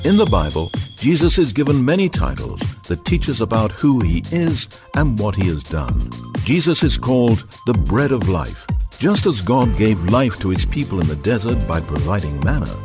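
Man, devotional narration, earnest teaching tone, lively low voice, clear music bed. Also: normal speed.

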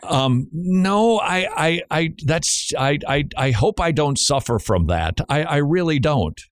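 A man's voice: on the high side, lively intonation, unhurried, no echo. A man hosting a radio talk show in a casual, joking way, laughing often and stammering on repeated words.

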